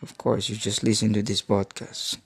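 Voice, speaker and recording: A man in his thirties, from the Philippines, hosting a solo podcast in a halting, rambling way, often restarting as he searches for words. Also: on the low side, flat delivery, creaky, slightly rough, no echo. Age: 30s. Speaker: podcast host.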